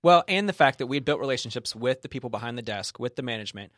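A man's voice: mid-range voice, lively intonation, fast talker, fairly bright tone, dry recording. A man with a mid-range voice recounts a chaotic trip in casual conversation. He rambles, breaks off and restarts his sentences. The recording is dry and close. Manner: rambling, restarts often, laughs along. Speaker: guest telling a travel story. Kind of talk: casual chat.

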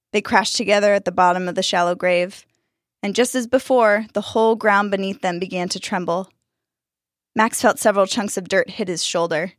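A woman's voice: fairly low pitch, no echo, clean studio sound. A woman reading a spooky children's story aloud, narrating expressively and lifting her voice for the characters.

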